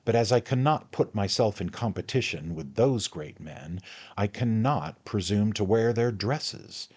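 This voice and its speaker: A man voicing a stout, spectacled older gentleman who speaks in a formal, stately and indignant manner. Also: lowish voice, animated, unhurried, husky, pitched above the performer's own voice. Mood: courteous.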